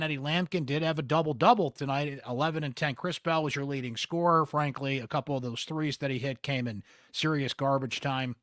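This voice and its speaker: A man's voice: a little high, a bit bright, dry recording. A man with a Central New York accent hosting a postgame sports podcast, chatty and candid with wry asides, close on the mic.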